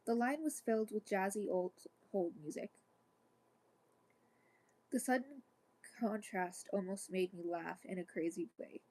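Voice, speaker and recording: Woman storyteller, mellow and relaxed, reading a chapter aloud. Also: medium pitch, measured pace, pauses often, low-quality recording. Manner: reads evenly, breaks off into casual asides.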